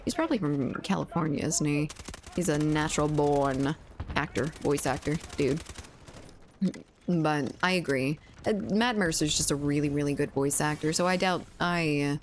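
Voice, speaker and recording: A woman's voice: low-pitched, normal speed, slight background noise. A woman with a Cajun accent, chatting casually and rambling while streaming a game, laughing and swearing easily. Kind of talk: casual chat while gaming.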